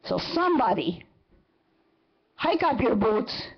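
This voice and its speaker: A woman's voice: a little high, big pitch swings, slow pace, slightly rough, muffled recording. A woman in her seventies giving impassioned public comment at a council meeting, indignant and emphatic, hammering her points by repetition. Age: 70s. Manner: indignant, emphatic, repeats phrases for force.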